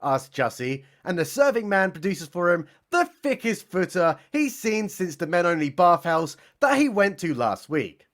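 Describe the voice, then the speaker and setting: A man's voice: sits high, very animated, normal speed, hardly any pauses, fairly bright tone. A man narrating a satirical story in a sarcastic, mocking, theatrical way. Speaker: comedy narrator. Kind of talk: mock-dramatic satirical storytelling.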